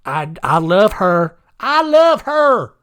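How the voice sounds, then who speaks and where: A man voicing a dim-witted, lovestruck husband with a Southern US accent and a high, strained drawl. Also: sing-song, takes it slowly, a bit bright, clean tone, full character voice. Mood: doting.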